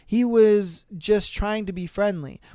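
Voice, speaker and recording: Guy podcast host reading stories then ranting, slangy and cussing, slow and drawn out, super dry close sound. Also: high voice, smooth, dry recording. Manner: animated, slangy and profane, trading reading for rants. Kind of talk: reading listener stories and reacting.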